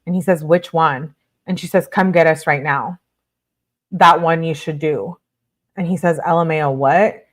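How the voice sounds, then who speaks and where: A low-pitched woman reads out a couple's text messages line by line. She breaks in with blunt, judgmental comments and swears casually as she goes. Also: fairly even intonation, normal speed. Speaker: true-crime commentator.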